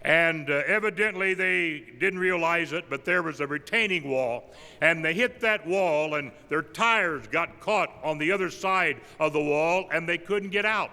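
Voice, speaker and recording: An older man, an evangelist, tells humorous personal stories at a tribute, delivering his punchlines deadpan. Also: on the high side, measured pace. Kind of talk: folksy storytelling tribute. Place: large camp meeting hall. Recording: live in a big reverberant hall.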